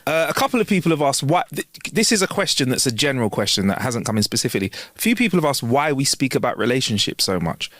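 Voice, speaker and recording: A man's voice: mid-range voice, fast talker, few pauses, dry recording. A man co-hosting a chatty podcast, his voice swinging up and down as he tells stories with bursts of laughter. He sits close to the mic in a dry studio, the sound tight and close. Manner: animated storytelling, bursts of laughter. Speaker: podcast co-host. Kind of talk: casual podcast chat.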